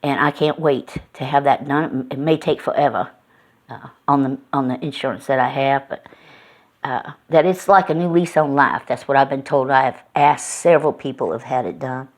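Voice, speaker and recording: A woman's voice: extremely low pitch, normal speed. A middle-aged woman vlogging from home, telling a folksy, meandering story full of fillers. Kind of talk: casual rambling storytelling.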